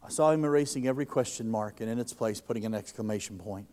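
A man preaching a sermon to a congregation, fervent, and his voice rises loud when he quotes others. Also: on the low side, fast.

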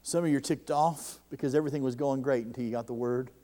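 A man preaching a sermon to a congregation, fervent, and his voice rises loud when he quotes others. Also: medium pitch, steady tone, fast talker.

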